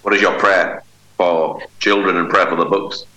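A man hosting an interview, asking brief, measured questions. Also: low-pitched, fairly even intonation, pushed and bright, roomy sound, poor audio. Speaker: interview host.

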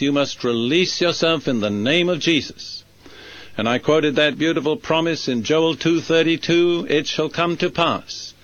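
Preacher guy leading a prayer, slow and careful, kinda high voice. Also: fairly bright tone, highs cut off. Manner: slow, measured, deliberate phrasing.

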